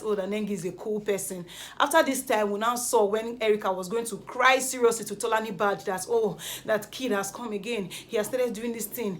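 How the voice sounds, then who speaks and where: A woman with a Nigerian accent recapping reality show gossip in a dramatic, animated way, dropping pidgin interjections. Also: medium pitch, slight background noise. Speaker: entertainment gossip vlogger.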